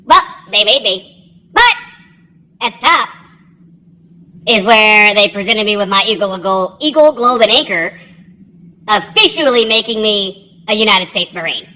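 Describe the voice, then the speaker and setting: A woman's voice: mid-range voice, animated, a little slow, long pauses, pushed and bright, poor audio. A woman telling a casual, rambling story about her own past, swearing freely and laughing at herself. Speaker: military veteran telling a story.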